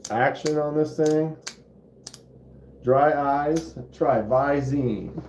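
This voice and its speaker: Man, casual live-stream host, rambling, slow, muffled phone audio, roomy echo. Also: a little high, a little mellow, slight background noise. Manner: rambling, laid-back, many fillers. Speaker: knife channel host. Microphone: phone microphone.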